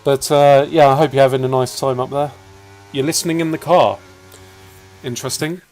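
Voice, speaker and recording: A man's voice: mid-range voice, steady tone, moderate pace, darkish tone. A man from England commentating a sim racing league in a chatty, cheeky way. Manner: chatty, cheeky, calls laps as they happen.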